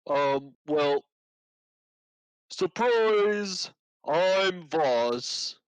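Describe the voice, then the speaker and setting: A man playing a tabletop game, slow and halting, hunting for words with many ums. His voice sits a little high and the recording is dry. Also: animated, clear, resonant tone, no room sound, poor audio. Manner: hesitant, full of ums while bluffing in character. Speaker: player. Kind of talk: tabletop role-play.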